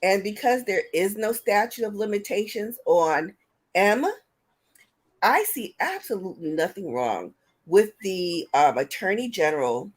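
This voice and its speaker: Woman, husky voice, blunt, firm opinions, casual panel chat. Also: mid-range voice, animated, a little slow. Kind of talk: casual online panel talk.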